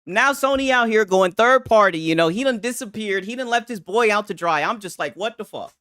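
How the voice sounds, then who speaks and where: A young man talks through gaming news in a loose, profane, mocking way. His pitch leaps all over the place as he reacts. The recording is dry, with no room sound. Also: animated, a little fast, pushed and bright, clean tone, dry recording. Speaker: gaming commentary host. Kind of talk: reaction commentary.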